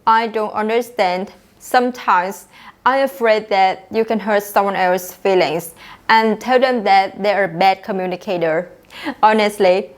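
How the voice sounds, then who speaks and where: A young woman leads an online English lesson. She speaks at a middle pitch, explains each point clearly, and acts out the example phrases. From Vietnam. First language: Vietnamese. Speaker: English teacher.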